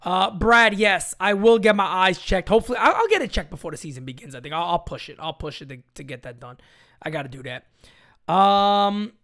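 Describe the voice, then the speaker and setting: A man's voice: high-pitched, fairly quick, a bit bright. A man hosting a casual sports live chat, talking in a blunt, rambling way and reading out viewer comments. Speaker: live-stream sports show host.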